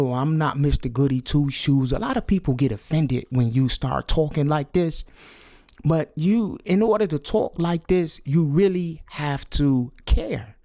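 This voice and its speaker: A man's voice: on the high side, no echo, studio quality. A man talking to his viewers in a preachy, repetitive way, stumbling over words and urging them to wake up. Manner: preachy, repetitive, drops to hushed whisper for emphasis. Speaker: vlogger. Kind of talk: conspiracy talk video.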